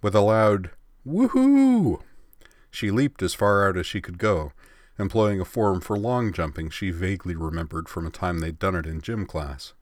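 A man with a very low, deep voice reads a story aloud in a measured, expressive way. The sound is close and dry, with no room around it. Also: dry recording. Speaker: narrator. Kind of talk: storybook narration.

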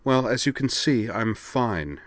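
A man's voice: mid-range voice, animated, unhurried, no room sound, voice pushed up, lightly acted. A man voicing a bitter, sardonic young woman in a raised voice.

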